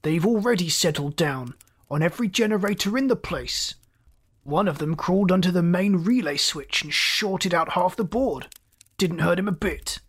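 The narrator voicing a gruff, short-tempered male chief engineer who roars and snaps orders. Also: mid-range voice, expressive, normal speed. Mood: angry. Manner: roaring, snapping commands.

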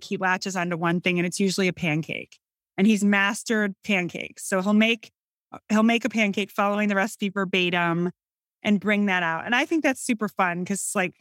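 A middle-aged woman from the Midwest with a Midwestern American accent, talking in a chatty, animated storytelling way in a casual conversation. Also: medium pitch, fairly quick, no echo, studio quality. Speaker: cookbook author guest.

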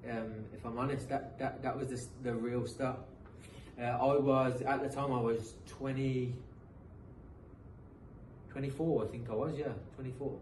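Pausing at length, an earnest English professional footballer in his thirties tells his football story as a guest in a loose, casual interview, motivational and often restarting phrases. His mid-range, darkish voice has fairly even intonation and a moderate pace, picked up from a distance in an echoey room with a faint hiss.

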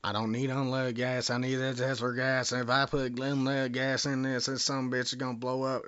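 A man's voice: mid-range voice, level tone, a little fast, a bit bright, clean tone. A man with a Southern US accent making a prank phone call, rambling, bumbling and cursing as he talks. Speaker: prank caller.

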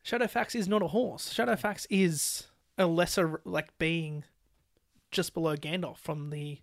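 A podcast co-host in a casual film chat, talking fast with lots of "like" fillers and acting out quoted lines from scenes. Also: medium pitch, vocal fry, dry recording, studio quality. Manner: animated, full of "like" fillers, laughs while retelling scenes.

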